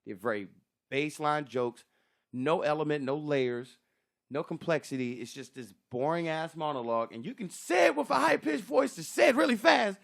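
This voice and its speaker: A man's voice: fairly high pitch, moderate pace, creaky. A man, a stand-up comedian, talking in a loose, swearing podcast chat and acting out other comics' voices. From Sacramento area, California.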